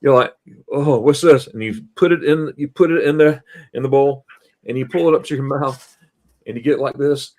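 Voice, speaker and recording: A middle-aged man hosts a casual live stream in an animated storytelling manner. He keeps quizzing his listeners and has a medium-pitched, everyday voice. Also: fairly quick. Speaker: host.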